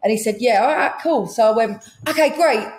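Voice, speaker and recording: A British woman, a guest singer, telling a lively anecdote on a podcast and acting out the people in it. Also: fairly high pitch, quick pace. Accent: British English. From Britain. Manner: lively anecdote-telling, acts out quoted voices. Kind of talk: casual podcast storytelling.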